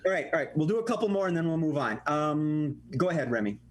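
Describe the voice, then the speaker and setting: A man hosting an improv comedy show, playful and quick to laugh. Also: fairly high pitch. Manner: laughs often, lively and playful. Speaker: host.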